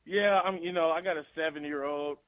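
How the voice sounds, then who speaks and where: A man's voice: a little high, fairly even intonation, fairly quick, no echo, narrow, tinny audio. A male guest actor in a casual radio interview, talking loosely and animatedly with frequent laughs.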